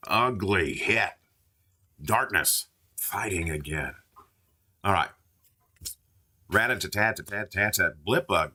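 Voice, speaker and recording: A man with a deep, bright, forceful voice hosts a live card-opening stream from inside a store. In casual commentary, he chats and jokes with viewers while calling out card names.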